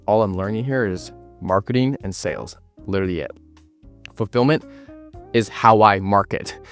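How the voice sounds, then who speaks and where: A young man in his late teens giving business advice straight to camera, confident and emphatic, repeating words for stress. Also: fairly low pitch. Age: young adult. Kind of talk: direct-to-camera business vlog.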